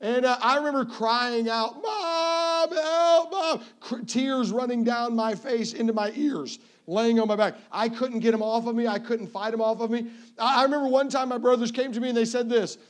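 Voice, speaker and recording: Evangelist, male, 50s: high voice, playful self-mocking pulpit storyteller. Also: steady tone, fairly quick, hardly any pauses. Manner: playful, self-mocking storyteller who often repeats his first word. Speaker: evangelist preacher. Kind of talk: sermon with humorous family stories.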